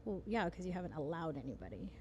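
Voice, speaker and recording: A woman's voice: deep voice, big pitch swings, fast talker, dark tone, slight background noise. A woman hosting a casual podcast conversation, telling personal stories in a frank, candid way. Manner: candid, frank storyteller with mild swearing. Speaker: podcast host.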